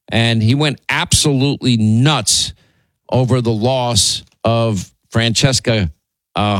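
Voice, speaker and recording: Male radio host, indignant and rambling, mid-pitched, dry close mic. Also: fairly bright tone, no echo. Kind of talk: talk radio commentary.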